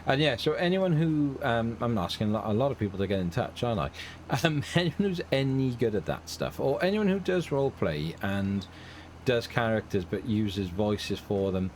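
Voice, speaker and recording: A man's voice: medium pitch, sing-song, moderate pace, darkish tone, slight background noise. A middle-aged man hosting a farming game let's play, chatting casually in a rambling, self-deprecating way. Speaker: gaming channel host.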